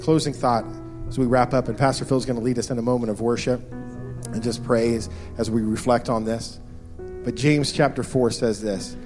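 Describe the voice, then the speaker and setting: A man's voice: medium pitch, steady tone, normal speed, music in the background. A man in his thirties preaching a sermon as pastor, earnest and repeating key phrases for emphasis.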